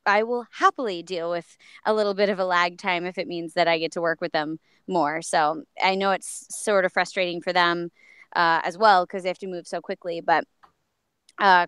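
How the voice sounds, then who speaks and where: A woman guest, a voice actress, chatting casually and upbeat, filling pauses with um and uh. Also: on the low side, steady tone, fairly bright tone, clear, resonant tone, dry recording. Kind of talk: casual live-stream chat.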